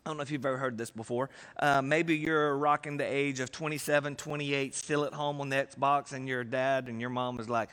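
A man preaching a sermon as pastor, animated and conversational, acting out little voices with big swings in loudness. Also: medium pitch, a little fast, hardly any pauses, clear, resonant tone, big-room sound.

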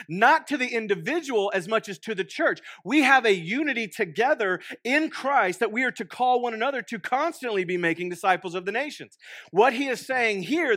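A young man from Texas with a Texan accent preaching a sermon, joking and swinging between loud bursts and hushed asides. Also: high-pitched, no echo, clean studio sound. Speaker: pastor. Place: church.

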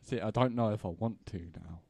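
Hesitant, low-voiced man podcast guest. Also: creaky, darkish tone, husky, no room sound. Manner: hesitant, halting, with dry humour. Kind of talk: casual chat.

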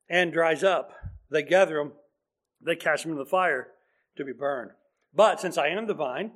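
A man preaching a sermon, explaining scripture and swinging between emphatic lines and hushed ones. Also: on the high side.

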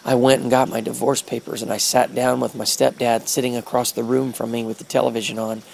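A man telling a personal faith testimony in an earnest, halting way, repeating words and drawing out slow phrases. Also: medium pitch, flat delivery, creaky, slight background noise. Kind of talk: emotional personal testimony storytelling.

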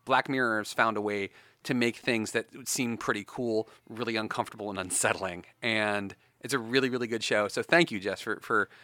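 Bright-voiced rambling male podcast host. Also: on the low side, fairly even intonation, brisk, no room sound. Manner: rambling, lots of fillers. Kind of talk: casual podcast chat.

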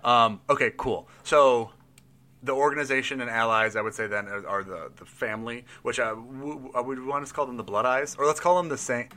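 A man's voice: mid-range voice, a little fast, sharp tone. A man in casual chat, building a tabletop role-playing character and thinking aloud, rambling with restarts and laughs.

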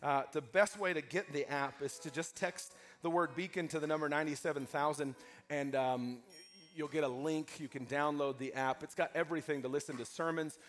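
Fervent preaching man, slightly high voice. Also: fairly even intonation, brisk, fairly bright tone. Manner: emphatic, calls for amens from the congregation. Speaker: pastor. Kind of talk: live sermon with announcements. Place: church service before a congregation.

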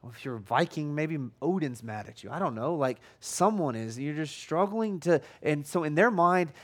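A man preaching in a relaxed, chatty way, stumbling over restarts and doubling his words as he works through a point. His voice sits a bit higher than most men's. His tone can sound loud, even angry, when he isn't. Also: moderate pace, few pauses. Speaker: pastor. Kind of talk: conversational sermon.

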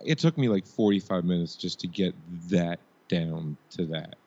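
A man co-hosts a casual podcast, rambling about an old TV episode and laughing often between swear words. His voice sits on the low side. The recording is a bit dull and muffled. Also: lively intonation, moderate pace, warm tone. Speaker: podcast co-host and editor. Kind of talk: casual chat reviewing a TV episode.

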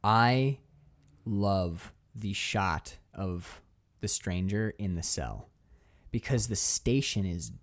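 Animated man chatting about a movie. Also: fairly low pitch, slow. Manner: animated, excitable, swears freely. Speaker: podcast co-host. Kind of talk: casual movie discussion.

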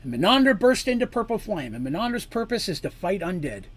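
A man reading a fantasy story aloud in an expressive way, adding asides for his listeners. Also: high-pitched, quick pace.

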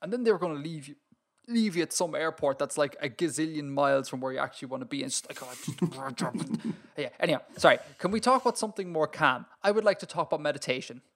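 An Irish man co-hosting a podcast in casual chat, talking in an animated, ranting way and laughing often. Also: a little high, quick pace, gravelly. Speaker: podcast co-host.

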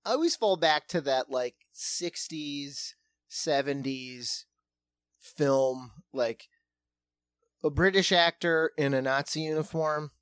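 A man's voice: a little high, takes it slowly, a bit bright, smooth, no echo. A man from South Dakota in casual conversation as a podcast co-host, chatty and jokey, often trailing off. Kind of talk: casual chat.

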